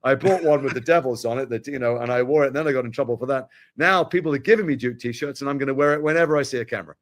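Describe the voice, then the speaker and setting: A middle-aged man from Britain, an actor chatting as an interview guest, telling animated stories with quick asides. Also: medium pitch. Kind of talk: casual interview chat.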